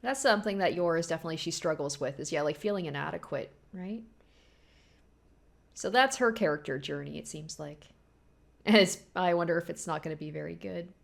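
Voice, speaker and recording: Woman, reaction host, casual commentary, chatty and animated, slightly low voice. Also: brisk, creaky. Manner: chatty, animated, lots of "like" and laughter.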